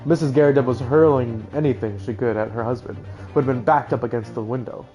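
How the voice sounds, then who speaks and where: A man's voice: mid-range voice, a little fast, mellow, muffled recording, faint music behind, natural voice. A man doing an earnest young defense lawyer.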